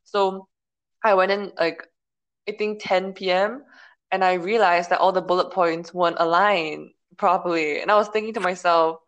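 A woman's voice: on the low side, steady tone, moderate pace, muffled recording. A young woman co-hosting a casual podcast over a video call, telling a long story with frequent giggles. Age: young adult. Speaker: podcast co-host. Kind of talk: casual chat.

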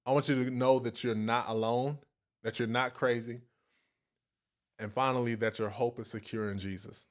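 A man's voice: mid-range voice, fairly even intonation, moderate pace. A man preaching a casual, folksy sermon, repeating phrases and stopping now and then to chuckle.

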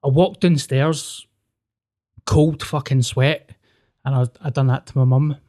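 A young podcast host tells a personal story in a relaxed, animated way, swearing freely and often starting his sentences over. His voice sits in the mid range and he takes his time.

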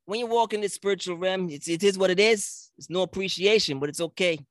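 A man's voice: sits high, fairly quick, dry recording, studio quality. A man co-hosting a casual faith podcast. He talks playfully, often repeats his lines for emphasis and laughs a lot. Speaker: podcast co-host.

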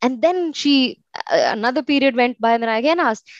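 In a casual conversational interview, a young Indian woman reflects on her story as a guest, pausing often and using many fillers. Her high-pitched voice is expressive, and the audio sounds dry and a little muffled, without room echo.

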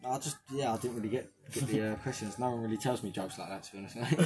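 A footballer answering quiz questions in a laid-back, mumbling way. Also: male voice, fairly low pitch. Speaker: football player, quiz contestant. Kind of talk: casual chat. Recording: loud background noise.

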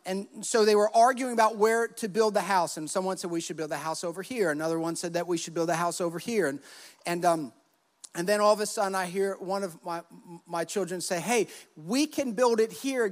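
Brief: male pastor, high voice, lively storyteller, church hall reverb. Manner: animated storytelling, acts out quotes. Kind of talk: sermon with personal stories.

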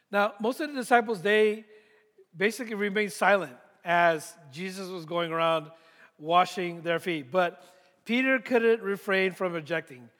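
A high-pitched man delivers a sermon as a pastor, slowing and pausing to drive his points home and repeating them for weight. His voice rings out with a long reverb, as in a large church sanctuary. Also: fairly bright tone. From United States. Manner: deliberate, repeats key points with emphatic pauses.

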